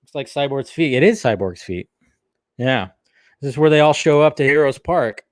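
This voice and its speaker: A man's voice: mid-range voice, expressive, moderate pace, dry recording, clean studio sound. A man hosting a casual live stream, talking loosely and chatting with his viewers. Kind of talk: casual livestream chat.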